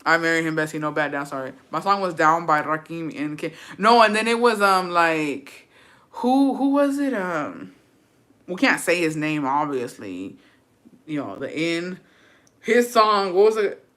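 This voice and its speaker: Brash, bright-voiced young woman. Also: sits low, lively intonation, measured pace. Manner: brash, profane and dramatic, mixing in Spanish. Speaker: vlogger. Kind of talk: casual storytime chat.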